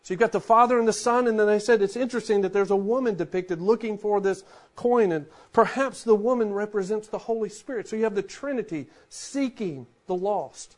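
A man in his forties, a pastor preaching a sermon in a conversational way, dropping to a hush for emphasis. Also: high-pitched, brisk, hardly any pauses.

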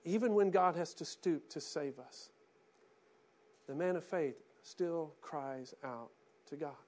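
A man preaching a sermon as pastor, swinging between hushed pleading and loud impassioned cries. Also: fairly high pitch, takes it slowly.

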